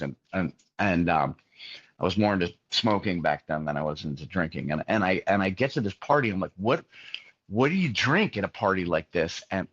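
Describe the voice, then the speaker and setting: Male interview guest, fifties, low-pitched, loose storyteller, dull and dry audio. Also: a bit bright, no echo. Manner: rambling, many fillers and restarts. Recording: dull, muffled sound, dry.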